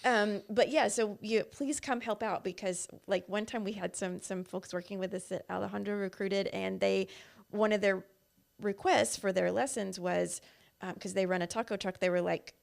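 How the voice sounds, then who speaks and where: A woman's voice: mid-range voice, fairly even intonation, moderate pace, gravelly. A woman guest from an adult learning program, chatting casually and filling her talk with um and like. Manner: chatty, full of fillers like um and like. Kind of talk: casual live-stream chat.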